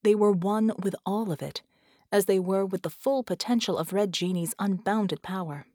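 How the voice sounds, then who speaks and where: A woman narrates an audiobook in a measured, expressive way. Her voice sits in a middle range. The close studio recording is dry, with no room sound. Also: medium pitch, dry recording. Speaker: audiobook reader. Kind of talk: scripted narration.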